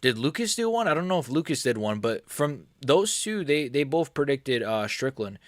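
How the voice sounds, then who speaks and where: A man's voice: mid-range voice, big pitch swings, normal speed, no room sound, studio quality. A man rambling crudely through a casual livestream chat about fights. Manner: rambling, crude joking, trails off. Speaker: MMA streamer.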